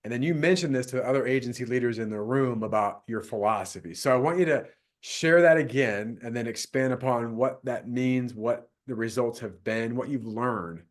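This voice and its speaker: A man's voice: mid-range voice, normal speed, hardly any pauses. A man in his fifties hosting a podcast in a casual conversation, rambling with many restarts and fillers. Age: 50s. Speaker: podcast host.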